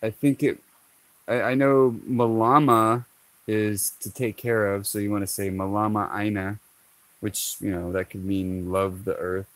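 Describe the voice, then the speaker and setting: A man's voice: lowish voice, level tone, a little slow, a bit bright, dry recording. A man from Hawaii, chatting casually to his viewers, laughing often and rambling with lots of fillers. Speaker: vlogger. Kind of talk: casual chat to camera.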